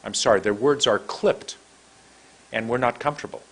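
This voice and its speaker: A man's voice: mid-range voice, moderate pace, a bit bright, breathy edge. A middle-aged man with a San Francisco American accent, telling a story as an English pronunciation teacher and demonstrating how he stretches his words. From United States. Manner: demonstrates mouth positions, stretching words long. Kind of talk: storytelling lesson to camera.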